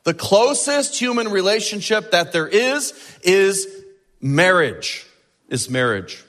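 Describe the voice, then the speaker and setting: A male pastor preaching a sermon in an animated way, stretching out key words for emphasis. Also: high-pitched, slow pace, big-room sound.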